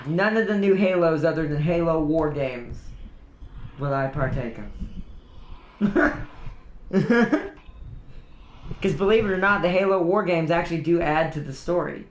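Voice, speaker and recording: A man's voice: fairly high pitch, expressive, slow, pauses often, roomy sound, slight background noise. A man hosting a casual gaming livestream, rambling enthusiastically and laughing often. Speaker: streamer host.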